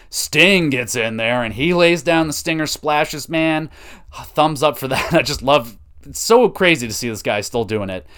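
A man hosting a podcast, recapping wrestling matches in a casual, excited way, swearing often and filling in with "uh" and "like". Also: medium pitch. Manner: excited, profane play-by-play with lots of fillers. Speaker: podcast host.

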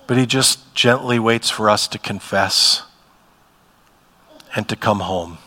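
A man preaching a church sermon in a conversational way, moving between emphatic bursts and hushed, soft passages. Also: fairly low pitch, slow, long reverb tail. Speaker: pastor. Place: church sanctuary.

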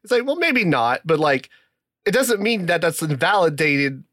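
A man co-hosting a casual podcast chat, hedging and searching for words with halting restarts. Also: a little high, big pitch swings, fairly bright tone, dry recording, studio quality. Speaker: podcast co-host.

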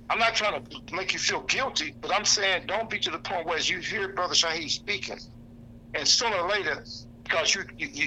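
A man's voice: a little high, bright, forceful tone, slight background noise, poor audio. A man with a St. Louis accent talking on the radio in an impassioned, preacherly way, repeating himself for emphasis. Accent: St. Louis, Missouri. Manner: preacherly, repetitive, acts out quoted voices. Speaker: activist guest.

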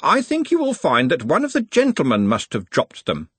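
A man's voice: a little high, wildly swooping pitch, moderate pace, breathy edge, dry recording, pitched above the performer's own voice, full character voice. A man playing a pompous, stern candle servant. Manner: pompous, stern, self-important. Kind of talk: audiobook character voice.

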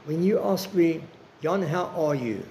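Older male preacher, earnest and personal, gravelly, slightly high; faint room noise. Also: lively intonation, mellow. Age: 60s. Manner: earnest, personal, slows for emphasis. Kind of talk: sermon.

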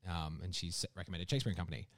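Young Australian man, mild accent, lower voice, animated storyteller who acts out quotes. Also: racing. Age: 20s. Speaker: guest performer. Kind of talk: casual interview storytelling.

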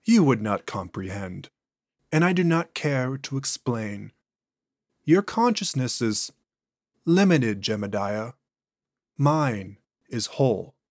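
A man voicing an ancient entity speaking through a possessed man's body, slow, measured and contemptuous. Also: medium pitch, big pitch swings, dry recording, clean studio sound, exaggerated voice. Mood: cold contempt.

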